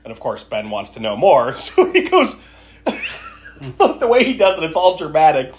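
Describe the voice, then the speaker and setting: A woman on a casual movie podcast, laughing often as she retells scenes. Her pitch swings widely from low to high. She keeps breaking into giggles. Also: huge pitch swings, normal speed. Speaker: podcast co-host. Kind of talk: casual movie recap chat.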